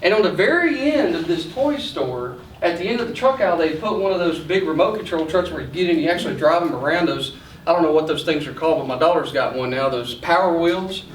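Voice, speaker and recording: Folksy man, lively storyteller. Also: fairly high pitch, fast, a little hiss or hum. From Mississippi, USA. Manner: folksy, animated, with many restarts. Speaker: sales trainer. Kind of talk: storytelling talk to an audience. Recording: echoey room from a distance.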